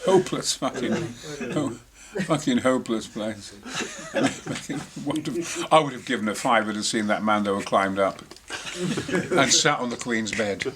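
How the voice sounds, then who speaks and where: A man's voice: mid-range voice, wildly swooping pitch, a little slow, a crowd in the background. A man telling boisterous, sweary anecdotes in casual behind-the-scenes chat. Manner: boisterous, sweary, theatrical storytelling.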